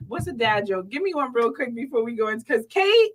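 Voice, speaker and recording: Lively laughing woman podcast host. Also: a little high, a little fast. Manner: animated, laughs often, eager interjections. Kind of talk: casual chat.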